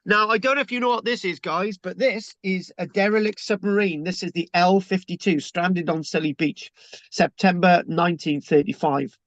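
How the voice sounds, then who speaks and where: A man's voice: high-pitched, normal speed, dry recording. A man gives a casual, rambling history talk with many fillers and jokes. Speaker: local historian presenter. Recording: dull lo-fi dry recording.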